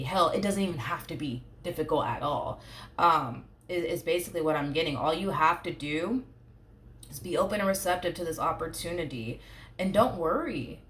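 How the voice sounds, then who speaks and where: A woman with a low, deep-set voice talks through a tarot reading in a loose, chatty way. She reassures her listeners over and over, circling back to the same phrases. A faint hiss of background noise sits under her voice. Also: a bit bright. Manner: chatty, repetitive, reassuring, fillers like "you know what I mean". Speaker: tarot reader. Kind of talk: casual tarot reading to camera.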